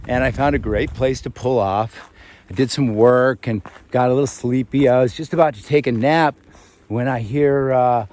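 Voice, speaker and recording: A man casually telling a rambling story to camera outdoors in a forest, chatty and quick to laugh. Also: medium pitch, darkish tone. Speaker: vlogger.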